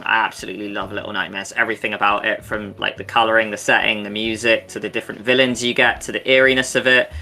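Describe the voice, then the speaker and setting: Bright, chatty podcast co-host man. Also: lowish voice. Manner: chatty and enthusiastic, casual swearing. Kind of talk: casual Q&A chat.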